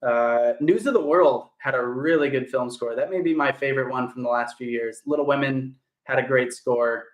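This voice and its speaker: A young actor chats casually on a livestream from a room at home, answering viewer comments and greeting people by name in an upbeat way. His mid-range voice moves at a moderate pace with hardly any pauses, and the room sounds echoey.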